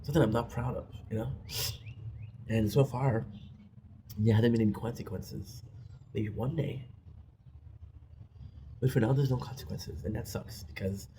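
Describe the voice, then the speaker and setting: A man's voice: mid-range voice, steady tone, moderate pace, long pauses, dark tone, low-quality recording. A man talking candidly to his own recording in a confessional vlog, often tagging on "right?", a native French speaker, with faint noise behind. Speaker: vlogger. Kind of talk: confessional monologue. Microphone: self-recorded.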